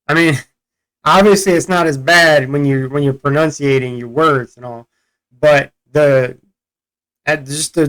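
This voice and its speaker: A man's voice: a little high, a bit bright, clear, resonant tone, poor audio. An American man hosting a reaction video, talking in a blunt, profane, rambling way as casual commentary. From United States.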